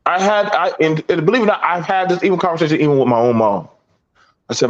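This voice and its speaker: A man's voice: on the high side, quick pace, muffled recording. A man hosting a heated panel talk, telling emphatic, profane stories. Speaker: podcast host.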